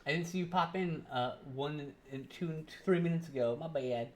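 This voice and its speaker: A woman's voice: low voice, normal speed, darkish tone. A woman in her thirties chatting casually on a live stream, reading chat messages aloud, telling stories and swearing freely. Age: 30s.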